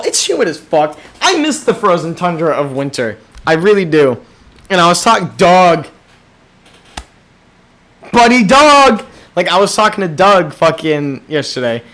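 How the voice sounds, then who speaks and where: A young man hosting a solo podcast, rambling and swearing as he rants into a desk microphone in a small room. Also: fairly high pitch. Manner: profane, rambling, animated rants. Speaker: podcast host.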